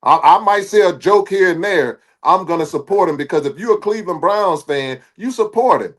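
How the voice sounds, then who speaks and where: A man co-hosting a casual sports talk show, speaking in an animated, preachy and joking way. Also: high-pitched, moderate pace.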